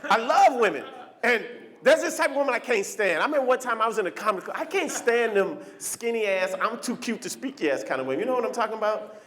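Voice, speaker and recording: A man doing a stand-up comedy set on a club stage, animated and often jumping into shouted character voices. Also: extremely high pitch, fast talker. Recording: live club recording with crowd laughter. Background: audience laughter.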